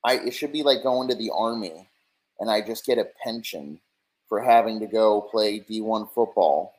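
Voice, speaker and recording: A man's voice: fairly low pitch, normal speed, poor audio. A man ranting casually on a stream, rambling and profane with a mocking edge.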